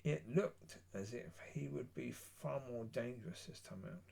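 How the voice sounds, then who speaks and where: Man, solo political monologue, gravelly, husky, blunt, rambling. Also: medium pitch, a little mellow. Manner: blunt, opinionated, rambling with pauses. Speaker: political commentator.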